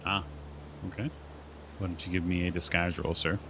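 A man running a tabletop horror game as game master, narrating events calmly and calling for dice rolls. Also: low voice, normal speed, background noise.

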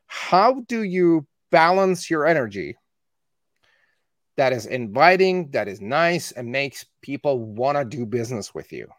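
A man's voice: medium pitch, animated, unhurried, no room sound. A man hosting an interview, asking long, rambling questions that circle back on themselves. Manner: asks rambling questions with restarts. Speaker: podcast host, interviewer. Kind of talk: conversational interview.

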